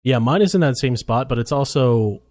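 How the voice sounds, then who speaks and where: A man's voice: medium pitch, animated, a little fast, darkish tone, dry recording, clean studio sound. Laid-back swearing podcast co-host man. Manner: laid-back, swears freely, laughs often. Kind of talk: casual chat.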